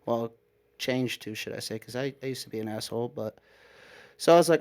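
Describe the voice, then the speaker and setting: Rambling male storyteller, animated. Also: medium pitch, fairly quick. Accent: Upstate New York. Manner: rambling, animated retelling with frequent "like" and quoted exchanges. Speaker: guest storyteller. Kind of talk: casual storytelling.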